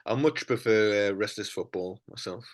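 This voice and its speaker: A man's voice: on the low side, moderate pace. A man with a Geordie accent co-hosting a podcast, chatting casually, passionate and swearing freely. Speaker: podcast co-host. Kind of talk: casual chat.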